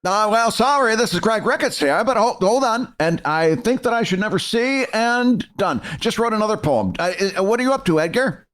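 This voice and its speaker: A man's voice: sits high, expressive, moderate pace, hardly any pauses, fairly bright tone, voice pushed up. A man doing a flustered, vaguely British poet. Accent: put-on, vaguely British. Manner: flustered, stammering, keeps apologizing and interrupting. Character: Greg Ricketts, a fussy, proud male amateur poet. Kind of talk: improvised comedy bit.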